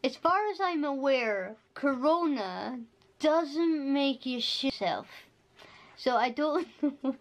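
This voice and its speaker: A woman's voice: high-pitched, lively intonation, slow pace. A Scottish woman chatting casually in a home vlog, giggling often and bluntly teasing her dogs. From Scotland. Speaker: vlogger.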